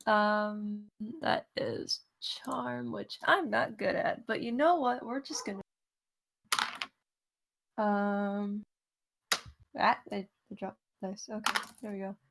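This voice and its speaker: A woman's voice: mid-range voice, slow, creaky, pauses often, background noise. A woman playing a tabletop game, casual and self-deprecating. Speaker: player.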